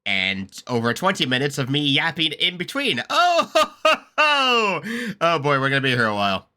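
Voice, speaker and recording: A man talks through a reaction video in loose, rambling asides, cursing and laughing as he goes. His voice is sharp and bright, and his pitch swings up and down a lot. The talk is casual and unscripted. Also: a little fast. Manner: rambling, excitable, swears freely and laughs often.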